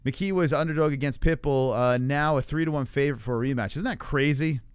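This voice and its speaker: A man's voice: on the high side, a little fast, smooth, dry recording. Profane, rambling man hosting a live MMA stream. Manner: loose, profane, rambling with frequent fillers. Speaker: livestream MMA show host. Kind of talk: casual live-stream chat reading viewer comments. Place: home in Arizona.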